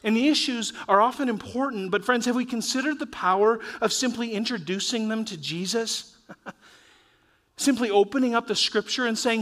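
Male pastor, high voice, earnest and urging, rises and drops between loud and soft. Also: moderate pace. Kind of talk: sermon.

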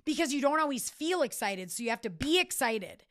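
A woman with a slightly high voice hosts a motivational podcast. She talks with energy and drives each point home by repeating it with emphasis. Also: lively intonation, brisk, fairly bright tone. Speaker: podcast host.

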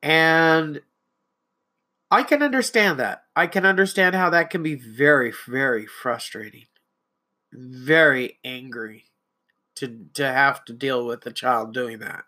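A woman's voice: very deep voice, unhurried, pushed and bright. A middle-aged trans woman hosting a solo podcast, talking in a conversational, reflective way about parenting and often acting out quotes. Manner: conversational, reflective, with frequent restarts and acted-out quotes. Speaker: podcast host.

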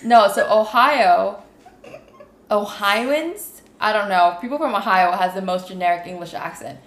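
A woman's voice: medium pitch, unhurried. A woman with a Californian accent, co-hosting a casual podcast chat, teasing and rambling playfully on a shared microphone. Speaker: podcast co-host. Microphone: single shared microphone. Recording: echoey room.

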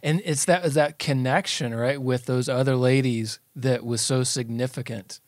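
A church ministry interviewer asking gentle, hesitant questions full of fillers. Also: mid-range voice, fairly even intonation, normal speed, no room sound, studio quality. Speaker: interviewer, women's ministry leader. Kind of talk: supportive interview.

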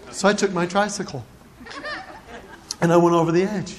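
High-voiced man doing stand-up in a hall. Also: a little fast, long pauses, some chatter behind. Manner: animated storytelling, acting out moms and kids. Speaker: stand-up comedian. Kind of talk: stand-up comedy routine. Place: large hall with live audience. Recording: reverberant hall, faint ambience.

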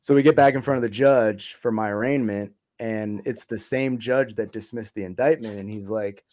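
A man's voice: medium pitch, steady tone, a little fast, hardly any pauses, a little mellow. A man telling his story as an interview guest in casual chat, loose and profane, trailing off with ums and short laughs.

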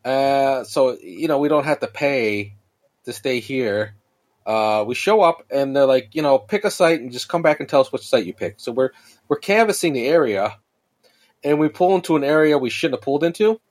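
A man's voice: mid-range voice, expressive, normal speed, a little mellow. Profane, rambling man telling a story. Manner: rambling and profane, with frequent restarts and fillers. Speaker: podcast co-host. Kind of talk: casual storytelling chat.

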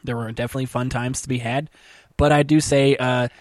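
A man with a mid-pitched voice who jokes and laughs his way through a relaxed conversation. He is recorded close and dry, with no room sound. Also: brisk, no room sound. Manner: jokey, laughs easily, slips into impressions. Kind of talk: casual chat.

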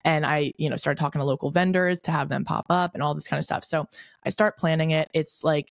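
A woman in her twenties hosting a podcast, telling a story in a casual, animated way, full of "like" fillers. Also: sits low, fairly quick, vocal fry, no room sound, clean studio sound. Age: 20s. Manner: chatty, lots of "like" fillers, animated retelling. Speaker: podcast host.

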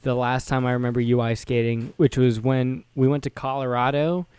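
A young man with a medium-pitched, darkish, smooth voice co-hosts a casual podcast chat, speaking at a moderate pace in a level tone with no echo. He teases his friend, laughs often, and puts on mock voices for jokes.

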